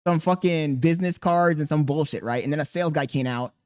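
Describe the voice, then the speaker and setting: A young man hosting a podcast, telling a profane story in a casual, animated way. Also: a little high, brisk, clean tone, no room sound, clean studio sound. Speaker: podcast host.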